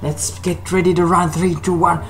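A man's voice: sits high, flat delivery, moderate pace, very noisy. A man commentating a horror game he is playing, jumpy, shrieking and laughing when scared. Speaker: gaming commentator.

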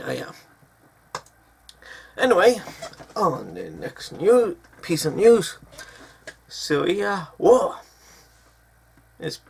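A man rants through the day's news, his voice gravelly and husky. He swings his pitch widely and talks slowly, with frequent swearing. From Britain. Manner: profane, angry ranting with frequent swearing. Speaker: news commentary vlogger. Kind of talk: ranting news commentary.

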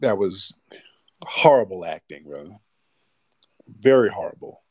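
A man's voice: low-pitched, lively intonation, unhurried, a little mellow, dry recording, studio quality. A man hosting a late-night call-in show, talking bluntly in casual slang. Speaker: host. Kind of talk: live call-in radio show.

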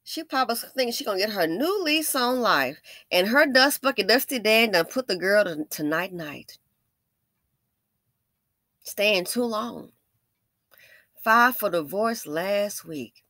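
Woman commentator with a bright, forceful voice and a slightly high pitch, preachy and sassy, recorded dry. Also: animated, slow, pauses often, no echo. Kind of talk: true-crime commentary.

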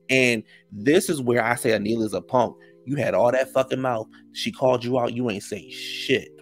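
A man with a gravelly, fry-edged voice recaps reality TV drama with sass and plenty of swearing. He talks in a gossipy, casual way at a mid-range pitch, and faint music plays underneath. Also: normal speed, few pauses. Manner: profane, sassy, gossipy; acts out quotes in higher voices.

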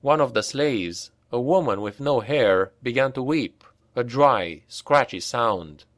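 A man narrating an audiobook in a measured, expressive way. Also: mid-range voice, dry recording, studio quality.

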